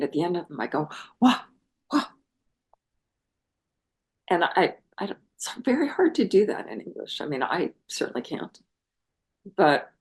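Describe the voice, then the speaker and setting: An older woman, a translator and guest, speaking reflectively in an interview and often pausing to search for words. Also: deep voice, warm tone. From United States. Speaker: guest, translator of Persian poetry. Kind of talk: thoughtful interview conversation.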